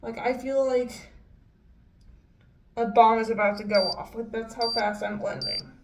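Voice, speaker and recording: A woman's voice: on the high side, fairly even intonation, measured pace, recorded from a distance, noisy background. A young woman doing a casual makeup vlog, talking frankly and swearing often with frustrated outbursts. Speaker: beauty vlogger.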